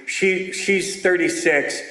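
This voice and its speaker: An older man giving a comedic talk at a recovery meeting, animated and storytelling, breaking into shouts when acting out scenes. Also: sits high, slow pace. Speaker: AA meeting speaker. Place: meeting room with audience. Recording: roomy echoing meeting hall.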